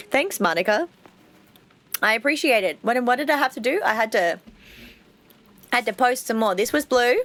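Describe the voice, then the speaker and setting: A woman's voice: fairly high pitch, lively intonation, normal speed, pauses often, fairly bright tone. A woman streamer chatting casually while playing a game, reading its text aloud with playful asides.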